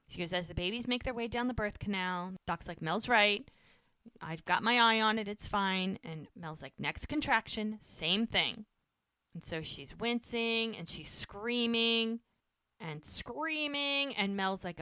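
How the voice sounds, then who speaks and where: A woman's voice: mid-range voice, normal speed, pushed and bright, clean tone, dry recording. A woman co-hosting a rewatch podcast, eagerly retelling scenes and acting out the characters' lines in casual chat. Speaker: podcast co-host recapping a show.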